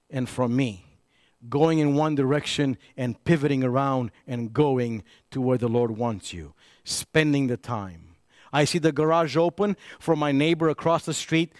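A man preaching a sermon as a pastor, swinging between raised, emphatic preaching and hushed, intimate storytelling, often repeating and restarting words as he tells a story. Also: mid-range voice, no room sound. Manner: repeats and restarts words when telling stories.

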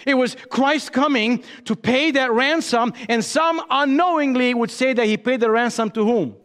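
A man preaching a sermon as pastor, with dramatic pauses and emphatic rises and drops. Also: very high-pitched, fairly bright tone, big-room sound.

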